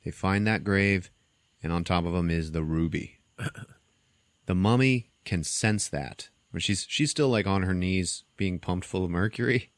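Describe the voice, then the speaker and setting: A man's voice: low-pitched, unhurried, no echo. A man hosting a podcast, retelling a film's plot casually with lots of laughter and acted-out quotes. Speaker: podcast host. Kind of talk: casual film recap.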